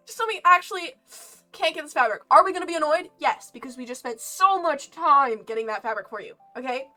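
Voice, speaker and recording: Woman streamer, high bright voice, animated storytelling over soft lo-fi music. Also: fast. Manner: animated, laughing often, mock exasperation. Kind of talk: casual storytime chat. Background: lo-fi game music.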